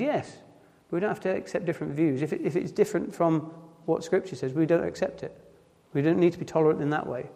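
Male preacher with a Nottinghamshire accent, fairly high voice, loose stop-start delivery, long church reverb. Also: a little mellow. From Nottinghamshire, England. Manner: halting, repeats words and restarts often. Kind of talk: informal sermon.

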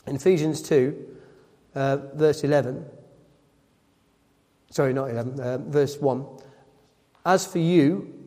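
A man's voice: medium pitch, fairly even intonation, unhurried, long pauses, warm tone. A man preaching a sermon, reading scripture aloud and then explaining it, often repeating his phrases and correcting himself. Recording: long hall reverb.

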